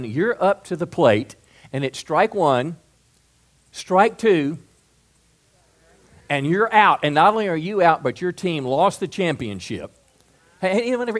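A man preaching a sermon as pastor, folksy and conversational, asking his listeners question after question and stumbling over repeated words when he gets going. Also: a little high. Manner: asks the crowd many rhetorical questions.

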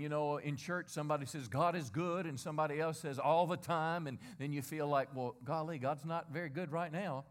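A middle-aged pastor with a slightly high voice delivers a sermon in a conversational style. He poses plenty of rhetorical questions and has the congregation repeat lines back to him.

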